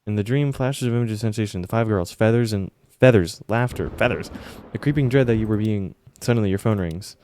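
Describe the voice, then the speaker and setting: A man's voice: fairly low pitch, brisk, few pauses, dark tone. A man playing a video game on stream, reading its narration aloud and tossing in casual, sometimes profane reactions. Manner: swears casually, mutters reactions between read-aloud narration. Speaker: gaming streamer. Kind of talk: casual let's-play commentary and reading game text aloud.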